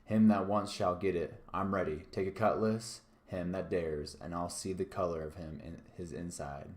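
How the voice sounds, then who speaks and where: A man's voice: sits low, steady tone, moderate pace, lightly acted. A man voicing a cunning old pirate captain who roars commanding threats, read aloud in an echoey room. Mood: roaring. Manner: gruff, commanding, roaring threats. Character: Long John Silver, cunning menacing old pirate captain.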